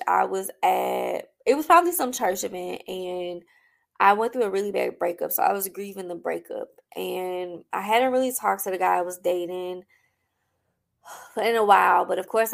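Gravelly-voiced woman sharing her story. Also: mid-range voice. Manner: candid, heartfelt, emphatic repetition. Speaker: podcast host. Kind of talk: personal storytelling talk.

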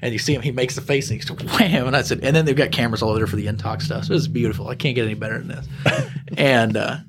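A man's voice: medium pitch, very fast, background noise. A man, a police officer guest, casually telling a rambling story on a podcast and laughing now and then.

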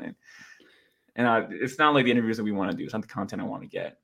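Young male podcast co-host, lowish voice, rambling, self-mocking storyteller. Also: racing, creaky. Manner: animated, self-deprecating, heavy filler words. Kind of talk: casual storytelling chat.

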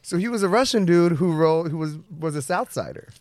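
A man's voice: on the high side, animated, brisk, darkish tone, no room sound, clean studio sound. A man telling a story in loose, rambling casual talk, full of "you know" and "like.". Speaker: guest.

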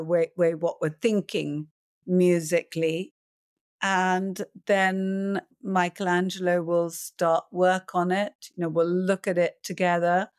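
A middle-aged woman, a film producer, answering interview questions in a calm, reflective way, sometimes acting out a panicked voice. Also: on the low side, no room sound, studio quality. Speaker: film producer and director, guest.

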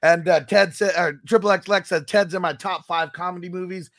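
A man's voice: high voice, steady tone, a little fast, a bit bright, dry recording, studio quality. A young man from California in casual podcast chat, easygoing and profane. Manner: easygoing, profane, laughs often. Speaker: podcast co-host.

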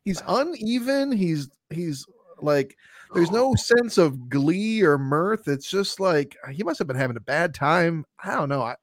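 A man's voice: on the high side, dry recording, clean studio sound. A man co-hosting a casual movie review podcast, rambling with restarts and fillers. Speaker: podcast co-host.

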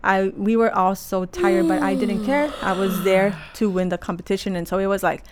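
A woman's voice: medium pitch, moderate pace, background noise. A woman fashion designer telling the story of her career in a casual, chatty way, with lots of "like" fillers. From Los Angeles area.

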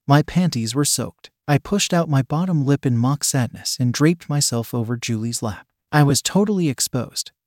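Male narrator, mid-pitched, dry close read, steady pacing. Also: no echo. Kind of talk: first-person story reading.

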